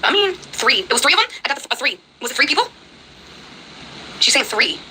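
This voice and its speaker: A woman running a spirit box session, excitable and exclaiming as she reacts. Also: high voice, fairly quick, a little hiss or hum, low-quality recording.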